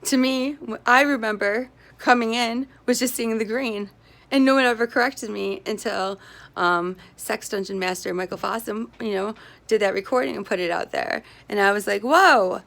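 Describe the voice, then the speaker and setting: A woman's voice: mid-range voice, moderate pace, gravelly, fairly bright tone. A woman talking in a casual, meandering monologue, restarting her sentences, tagging on "right?" and breaking into easy laughs. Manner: meandering, self-interrupting, often tags with "right?"; laughs easily between thoughts.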